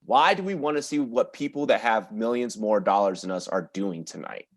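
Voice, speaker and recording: A man telling a long story on a podcast in a loose, profane, animated way, often laughing through it. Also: on the low side, normal speed. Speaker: podcast guest. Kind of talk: casual storytelling.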